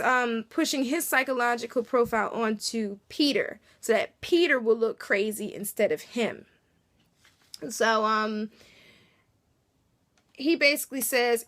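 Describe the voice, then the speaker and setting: A woman with a somewhat high, slightly bright voice recaps a TV episode in a casual way. She's chatty and uses lots of fillers, acting out small reactions as she goes along.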